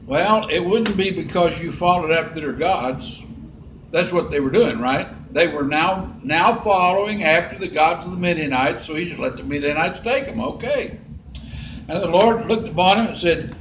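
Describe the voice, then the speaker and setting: A man preaching in a church sanctuary with a fairly high voice, folksy and chatty, reading scripture and then explaining it in plain words. The room has a noticeable echo, and a faint hum of ambience stays under his voice. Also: normal speed. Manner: folksy, reads scripture aloud and adds plain commentary. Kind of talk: sermon, Bible lesson.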